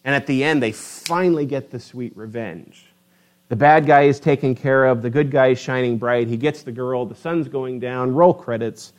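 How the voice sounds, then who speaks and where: A man preaching a sermon, animated and emphatic, asking his listeners rhetorical questions. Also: mid-range voice, moderate pace. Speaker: pastor.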